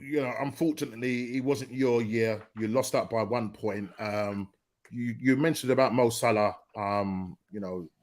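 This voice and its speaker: A man hosting a casual football podcast, teasing his guests and repeating himself to keep the floor. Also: on the low side. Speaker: podcast host.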